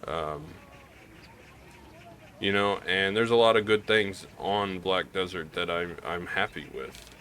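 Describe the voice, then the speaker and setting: Low-voiced man with a slight Southern drawl. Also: takes it slowly, sharp tone. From Missouri, US Midwest. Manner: rambling, candid, with many restarts and fillers. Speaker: gaming YouTuber. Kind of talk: casual gaming vlog commentary.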